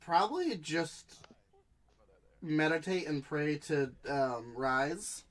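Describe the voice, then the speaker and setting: A man's voice: a little high, animated, slow pace, a bit bright, slight background noise, poor audio. A man playing a tabletop game over a call, hesitant and stumbling over his words. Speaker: player. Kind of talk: casual chat during a tabletop game.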